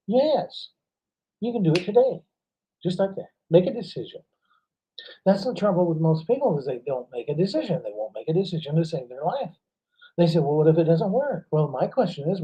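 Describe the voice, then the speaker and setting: A man giving an animated motivational talk, telling stories with frequent laughs and emphatic jumps in pitch. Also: slightly rough, highs cut off. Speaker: motivational speaker.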